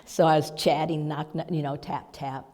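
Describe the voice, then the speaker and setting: Seated in front of the congregation in a church hall, a low-voiced woman minister delivers a conversational sermon lesson in a steady tone. She tells stories softly and haltingly, with breathy asides and laughter, under the long reverb of a big hall.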